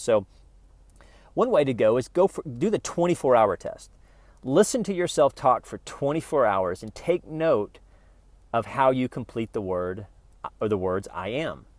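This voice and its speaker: Low-voiced man giving a casual self-help talk. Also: darkish tone, no room sound. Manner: conversational and joking, with frequent restarts. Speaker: YouTube channel host.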